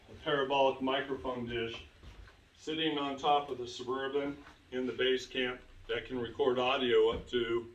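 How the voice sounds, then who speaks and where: A man lectures to a room full of listeners and drives his points home by repeating key phrases. His voice sits at an ordinary middle pitch. He is picked up from well back in a reverberant room. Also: a bit bright. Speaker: lecturer presenting to an audience. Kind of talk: public lecture with storytelling. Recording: roomy sound, distant from the mic.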